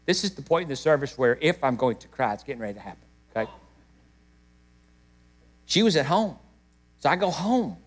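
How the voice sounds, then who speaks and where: A middle-aged man preaching a sermon to his church, emotional, swinging between loud emphatic peaks and hushed moments. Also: medium pitch, big pitch swings, fairly quick, long pauses. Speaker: pastor.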